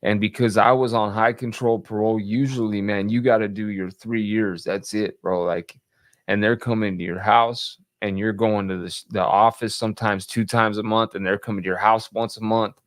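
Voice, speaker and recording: A man in casual conversation, speaking slowly and plainly with frequent restarts and fillers. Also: on the low side, fairly even intonation, no room sound, studio quality. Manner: slow, halting, plainspoken, many restarts. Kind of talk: casual conversation about life after prison.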